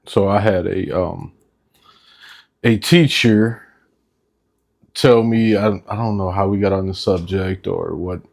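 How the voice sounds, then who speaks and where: A man co-hosting a casual podcast, speaking in a halting, reflective way with lots of "you know". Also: deep voice, steady tone, creaky, darkish tone. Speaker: podcast co-host.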